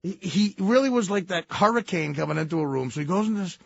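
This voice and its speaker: A man co-hosting a radio talk show, telling stories in a casual, animated way and laughing as he goes. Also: high-pitched, quick pace, creaky, no echo, lo-fi sound. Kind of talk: casual storytelling.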